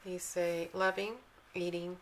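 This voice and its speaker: A woman's voice: lowish voice, little pitch movement, unhurried, slight background noise, low-quality recording. A woman vlogging a casual walkthrough of planner sticker books, reading the slogans aloud in a chatty, admiring way.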